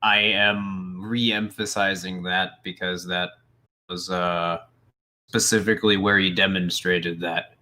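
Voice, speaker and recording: An emphatic man talking through political commentary on a stream, his voice bright and forceful. He restarts phrases as he pushes his points, and his pitch sits on the lower side. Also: little pitch movement, slow pace. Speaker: co-host.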